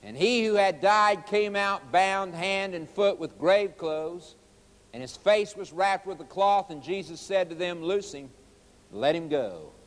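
A man preaching in a high, lifted voice, driving his points home with emphatic questions and quoted scripture. His words ring out with a long reverb trailing behind them. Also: lively intonation, unhurried. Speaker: evangelist. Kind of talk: sermon.

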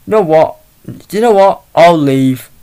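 A man voicing a giant male monster who sounds bored and dismissive, drawling slowly and offhandedly. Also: on the high side, expressive, mellow, clear, resonant tone, rough recording.

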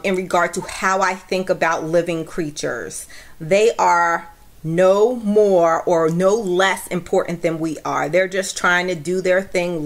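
A woman's voice: medium pitch, a bit bright. A woman vlogging casually to camera, bubbly and giggly, acting out her stories as she goes. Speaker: vlogger reviewing a product.

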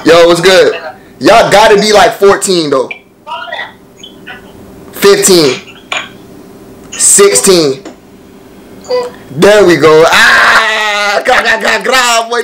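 A young man with a noticeably high-pitched voice trades brash, profane banter with strangers over a video chat. He talks in loose street slang and laughs often as he roasts people. A faint hiss of noise sits under his voice. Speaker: streamer on a random video chat app.

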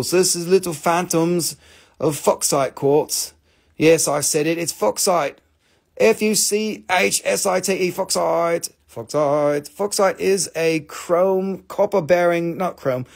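A man's voice: fairly high pitch, creaky, darkish tone. A man hosting a live stream, selling crystals in casual, joking sales patter full of swearing. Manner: chatty, profane and joking.

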